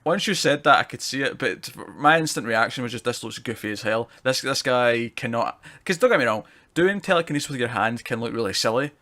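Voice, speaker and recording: A man chats loosely through a TV episode review, rambling between points and laughing often. His voice sits at an ordinary middle pitch. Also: lively intonation, a little fast, pushed and bright. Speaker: podcast co-host reviewing TV. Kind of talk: casual review chat.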